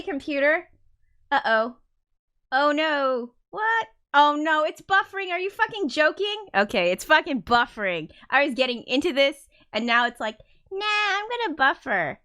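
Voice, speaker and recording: A woman hosts a casual livestream, talking loosely and mocking herself. Her bright, forceful voice leaps up and down in pitch, and curse words pour out constantly. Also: expressive, normal speed. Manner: swears constantly, rambling and self-mocking. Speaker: livestream host.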